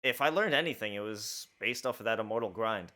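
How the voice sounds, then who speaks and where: A man hosting a relaxed studio interview, his pitch moving a lot as he talks. He is laid-back and joking, with casual swearing. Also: fairly quick. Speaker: talk show host.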